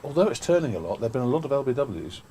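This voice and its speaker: A man calmly commentating on a local cricket match, listing field placings and the score. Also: medium pitch, very fast, a little hiss or hum. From England. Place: cricket ground, outdoors.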